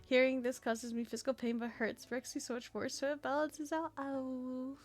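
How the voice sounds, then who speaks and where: Excitable high-voiced woman streamer. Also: moderate pace, faint music behind. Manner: excitable, swears, repeats a woof. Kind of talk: casual live stream chat.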